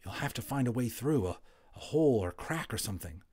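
A man's voice: medium pitch, expressive, brisk, a little mellow, slightly rough, voice pushed up. A man voicing an anxious young boy, whispering urgently and then calling frantically, in a storybook reading. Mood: hushed urgency.

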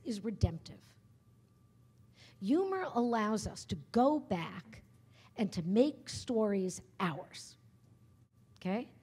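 A woman's voice: fairly high pitch, breathy edge. A woman humorist giving a conversational, story-filled lecture to a live audience, often tagging her points with asides. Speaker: humorist giving a public talk. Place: lecture hall at a writers' workshop.

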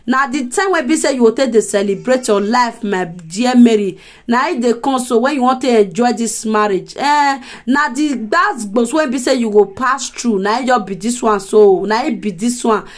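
A woman's voice: fairly high pitch, normal speed. A woman with a Nigerian accent giving casual gossip commentary, chatty and often laughing as she speaks straight to her viewers.

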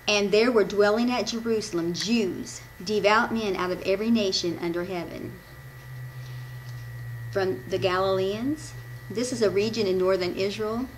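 A woman's voice: mid-range voice, low-quality recording. Woman from the us midwest doing a church devotion, rambly, keeps fixing her own slips, faint hum behind. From Midwestern United States. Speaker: devotional speaker. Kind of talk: informal church devotion, reading notes.

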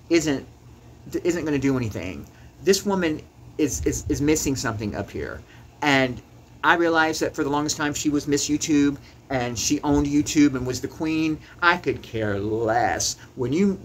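Male YouTuber, heated to-camera rant, passionate and repetitive, medium pitch. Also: a bit bright, a little hiss or hum, low-quality recording. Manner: heated, emphatic, repeats words when worked up.

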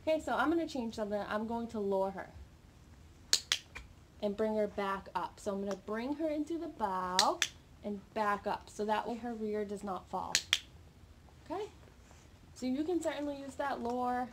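High-voiced woman coaching a puppy. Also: expressive, normal speed, long pauses. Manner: upbeat coaching, bursts of high praise to her puppy. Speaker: dog trainer. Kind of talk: live training tutorial. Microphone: camera mic, off camera. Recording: noticeable background noise with training clicks.

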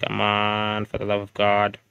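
A man's voice: on the low side, monotone, a little slow, creaky, bright, forceful tone, dull audio. A man with an Indian English accent, chatting casually on a gaming livestream, reading chat aloud and laughing often. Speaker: gaming streamer. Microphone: home streaming setup microphone.

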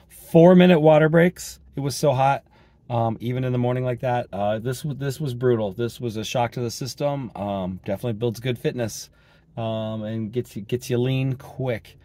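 A hoarse, raspy man from Colorado, chatting in a rambling, upbeat way with lots of ums while he drives. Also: medium pitch. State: hoarse from a cold. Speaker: vlogger and soccer referee. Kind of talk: casual driving vlog. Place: inside a moving car. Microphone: dash-mounted action camera. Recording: loud road and car noise.

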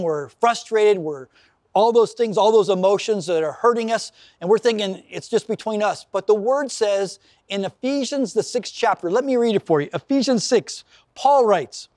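A man's voice: sits high, no echo, clean studio sound. A man preaching a sermon to camera as pastor, earnest and emphatic, reading scripture aloud.

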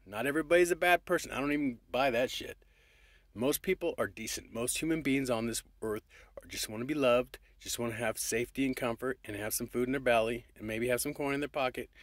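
A man's voice: medium pitch, dry recording. A man talking straight to his viewers in a rambling, affectionate, profane motivational monologue. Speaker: vlogger.

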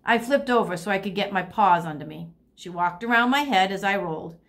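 A woman's voice: mid-range voice, brisk. A woman teacher reading a children's chapter book aloud to a second grade class, expressively. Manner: expressive storytelling.

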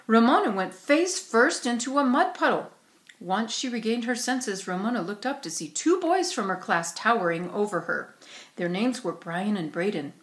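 Woman reading a children's story aloud. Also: mid-range voice. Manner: expressive storytelling. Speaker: narrator. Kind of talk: audiobook reading. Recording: roomy echo.

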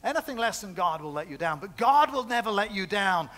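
A man's voice: high voice, sing-song, a little fast, pushed and bright. A man pastor preaching a conversational sermon in a church, building points through repetition and chatty asides. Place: church sanctuary.

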